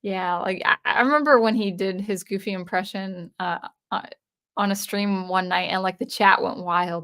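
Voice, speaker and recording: A woman's voice: mid-range voice, fairly even intonation, normal speed, fairly bright tone. Rambling candid woman in her thirties. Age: 30s. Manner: rambling, self-correcting, candid. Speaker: channel host. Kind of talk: casual livestream chat.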